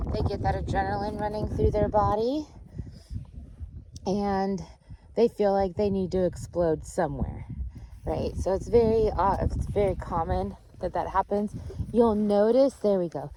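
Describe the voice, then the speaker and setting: A woman's voice: medium pitch, unhurried, background noise. A young woman dog trainer, speaking outdoors on a walk, patiently explaining her steps and checking in with "right?".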